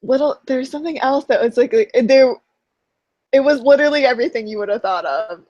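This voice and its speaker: A woman co-hosting a casual chat who talks quickly in asides and laughs easily. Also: high voice, darkish tone, lo-fi sound. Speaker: co-host.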